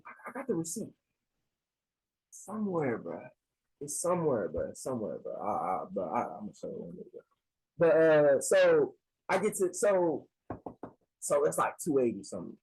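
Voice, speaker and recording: Husky young male storyteller, casual slangy delivery, big swings in pitch. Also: normal speed, pauses often, low-quality recording. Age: young adult. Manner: animated, slangy, acts out both sides of the call.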